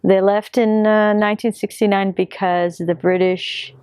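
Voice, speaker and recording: A woman in her fifties from Yemen, sharing her family's story in a hesitant way, pausing often on fillers. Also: medium pitch, flat delivery, darkish tone, clean tone, dry recording, studio quality. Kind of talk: personal testimony.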